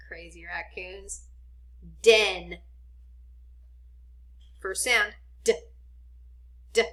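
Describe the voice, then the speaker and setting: A woman teaching a children's spelling lesson, sounding out each letter slowly and gently reassuring. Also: mid-range voice.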